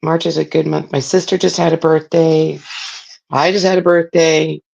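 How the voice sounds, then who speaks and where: A woman's voice: low voice, flat delivery, moderate pace, creaky, darkish tone, lo-fi sound. A middle-aged woman hosting a craft channel, chatting casually in a rambling way about family while she crafts.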